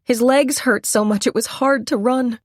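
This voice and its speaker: A woman's voice: a little high, steady tone, normal speed, dry recording, clean studio sound. A woman narrating a suspense audiobook in a tense, dramatic reading.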